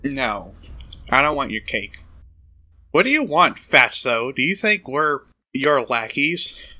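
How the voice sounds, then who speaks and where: A man's voice: medium pitch, sing-song, slow pace, sharp tone, soft background music, full character voice. A man voicing a rude, mouthy companion fighter in a comedic fan dub of a game, swearing and dismissive. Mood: contemptuous.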